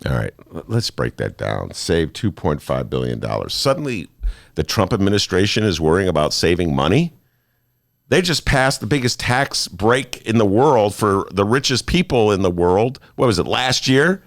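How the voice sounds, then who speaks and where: A man hosting a political talk show, ranting about the news in a sarcastic, animated way. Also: fairly low pitch, normal speed, vocal fry, dry recording, clean studio sound. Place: studio.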